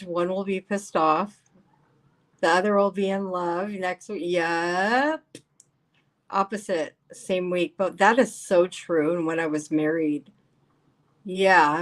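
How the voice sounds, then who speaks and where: Slow-talking woman hosting a live stream. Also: fairly low pitch. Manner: chatty, emphatic, reacts aloud to comments. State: voice getting worn. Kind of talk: casual live-stream chat, reading viewer comments aloud.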